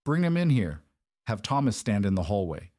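A man voicing a composed woman of the house who speaks calmly, precisely and with cold politeness. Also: on the low side, normal speed, no room sound, clean studio sound. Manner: calm, precise, coldly polite.

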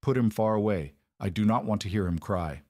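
A man voicing a tired, ruthless emperor who speaks quietly and with exhaustion in a storybook reading. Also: on the low side, a little fast, no echo, studio quality, lightly acted. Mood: weary. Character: weary, ruthless male emperor.

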